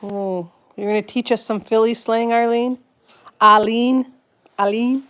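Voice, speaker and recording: Chatting casually on a livestream, a woman reads out what viewers write and teasingly repeats their words back in a questioning tone. She has a warm, fairly high voice with fairly even intonation at normal speed.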